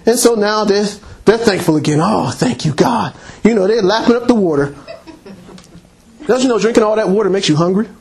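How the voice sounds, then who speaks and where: A man's voice: high voice, fairly quick. A man preaching a sermon, exhorting and retelling scripture stories with playful mockery. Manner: animated storytelling, mocking, exhorting.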